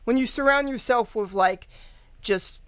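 A woman's voice: fairly high pitch, unhurried, a bit bright, clear, resonant tone, dry recording. A woman guest casually retelling a true-crime story, rambling with lots of fillers, laughing and swearing. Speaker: podcast guest.

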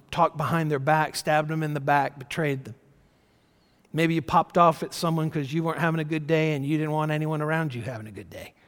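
A man preaching a sermon in an earnest, conversational way, swinging between loud emphasis and soft, quiet stretches. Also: on the high side, long reverb tail. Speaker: pastor.

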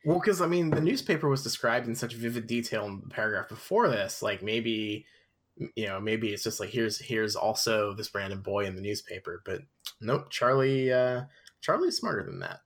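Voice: mid-range voice, normal speed, slightly rough. A podcast co-host in casual chat who reads a book aloud, laughs often, swears casually and stumbles over lines.

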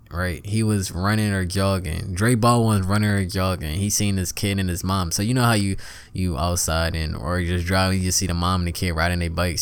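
Low-voiced guy, smooth clear voice, casual motivational rant, repeats himself a lot. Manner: conversational, repetitive, rhetorical questions.

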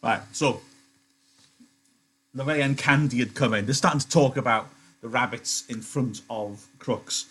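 A man's voice: fairly low pitch, a bit bright, breathy edge. A man teaching a live online lesson, chatty and digressive, often interrupting himself. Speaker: English teacher. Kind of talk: live online lesson, reading a novel aloud.

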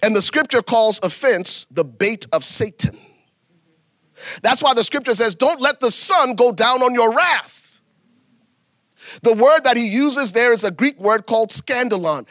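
A man preaching a sermon in an animated, folksy way, turning to the congregation and acting out little scenes. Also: very high-pitched, dry recording, studio quality. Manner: animated preaching with acted asides; folksy, addresses congregation as y'all. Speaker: pastor.

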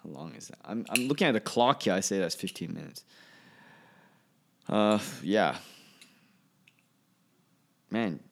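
A man's voice: fairly low pitch, expressive, unhurried, vocal fry, pauses often, slight background noise. A male comedian talking alone on his podcast, rambling and offhand, often trailing off and restarting his sentences. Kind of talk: solo podcast monologue.

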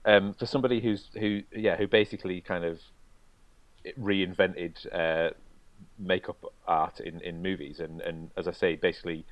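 A man co-hosting a podcast, chatting in a halting, easygoing way. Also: low voice, fairly even intonation, dry recording. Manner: chatty, halting, laughs easily. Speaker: podcast co-host. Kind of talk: casual chat.

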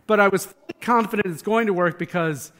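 A man's voice: high-pitched, brisk, fairly bright tone. A man preaching a conversational sermon as pastor, earnest and emphatic, often repeating words as he builds his points.

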